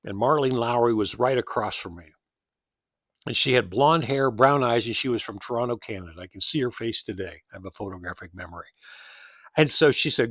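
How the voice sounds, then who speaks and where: A man's voice: mid-range voice, lively intonation, moderate pace, sharp tone, dry recording, studio quality. A man in his seventies, hosting his own show, tells rambling personal stories and acts out remembered dialogue. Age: 70s. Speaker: host. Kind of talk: personal storytelling monologue.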